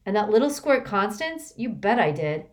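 A woman reading as a gruff, blunt teen girl guard. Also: mid-range voice, sing-song, moderate pace, pitched above the performer's own voice, lightly acted. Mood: brusque.

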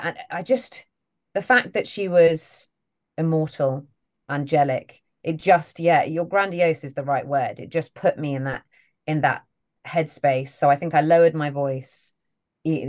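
A woman's voice: sits low, unhurried, darkish tone. A British woman, an actress, chatting casually and self-deprecatingly in an interview. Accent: British English. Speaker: voice and mocap actor guest.

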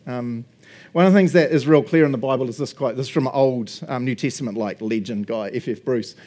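A man's voice: medium pitch, brisk, warm tone. A man, a pastor preaching in a casual, joking style. He keeps tagging his points with "right?" and "eh?", laughs often and acts out small conversations. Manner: chatty and jokey, tag questions like "right?" and "eh?"; laughs often, acts out little quoted exchanges. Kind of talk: casual sermon.

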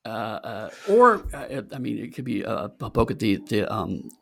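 A man's voice: on the low side, big pitch swings, moderate pace, vocal fry, fairly bright tone, slightly rough. A man co-hosting a podcast, talking in a rambling, sarcastic way with lots of fillers and restarts. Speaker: podcast co-host. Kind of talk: casual podcast chat.

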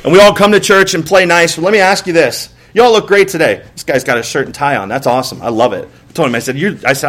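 A man's voice: a little high, quick pace, few pauses, fairly bright tone. A man preaching a sermon as pastor, conversational, with repeated rhetorical questions and acted-out outbursts. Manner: conversational, acts out exasperated outbursts; frequent rhetorical "right?" and repeated words. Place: church.

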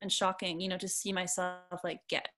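A woman's voice: on the low side, level tone, moderate pace, sharp tone. A young adult woman musician chatting casually in an interview, rambling with lots of fillers and casual swearing. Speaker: musician guest.

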